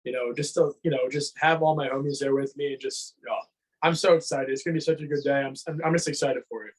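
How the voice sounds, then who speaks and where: A man's voice: mid-range voice, steady tone, quick pace, breathy edge. A male guest in a casual podcast chat, talking enthusiastically and repeating himself.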